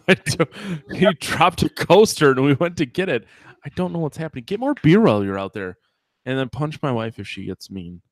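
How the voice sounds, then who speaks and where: A man's voice: a little high, lively intonation, fairly quick, no echo, clean studio sound. Joking, crude male podcast host. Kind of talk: casual chat.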